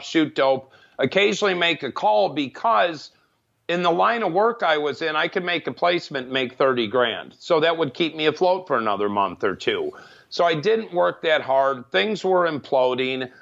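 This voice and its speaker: A man's voice: fairly high pitch, creaky, fairly bright tone. A middle-aged man, a podcast guest, telling his recovery story in a candid, matter-of-fact way with frequent restarts. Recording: dull lo-fi podcast audio.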